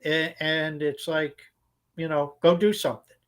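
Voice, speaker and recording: A man's voice: fairly high pitch, little pitch movement, unhurried, a bit bright, clear, resonant tone. A man co-hosting a podcast, ranting bluntly and swearing freely in casual chat. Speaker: podcast co-host.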